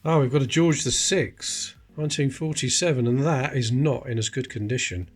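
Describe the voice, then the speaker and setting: Male host, mid-pitched, casual and explanatory, coin hobby commentary. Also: moderate pace, soft background music. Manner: chatty, explains details while handling coins. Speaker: coin collecting channel host.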